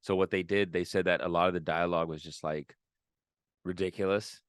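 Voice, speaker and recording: A man's voice: low-pitched, a little fast, smooth, no room sound, clean studio sound. A man co-hosting a podcast, telling stories casually with lots of fillers. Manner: relaxed storytelling with frequent fillers. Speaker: podcast co-host.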